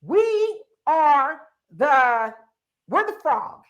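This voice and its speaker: High-pitched woman, blunt and profane. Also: sing-song, extremely slow. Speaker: podcast host. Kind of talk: casual political commentary.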